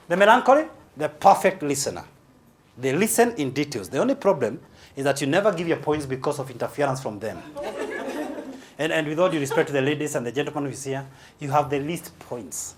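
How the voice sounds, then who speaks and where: A man's voice: fairly high pitch, lively intonation, a little fast. A man with a Kenyan accent giving a humorous conference speech, teasing and provocative in a large hall. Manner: teasing, punchy, playfully provocative. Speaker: motivational speaker. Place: large hall with a live audience.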